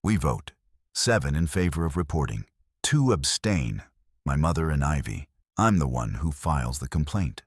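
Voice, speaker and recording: Very deep husky male storyteller. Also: big pitch swings, moderate pace, no echo, clean studio sound. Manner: short dramatic sentences, reads dialogue in the same voice. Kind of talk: first-person story narration.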